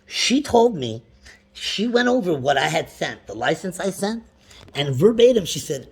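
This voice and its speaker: A man's voice: high-pitched, sing-song, normal speed, creaky, breathy edge. A man on a phone call, complaining at length about a bank with frustrated, repetitive restarts and sudden outbursts. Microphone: phone call recording.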